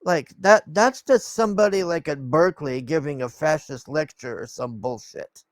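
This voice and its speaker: A man vlogs a casual rant into his camera, rambling with exasperation, swearing often, and ending thoughts in sighs. He speaks at normal speed in a fairly high voice, and the recording is dry.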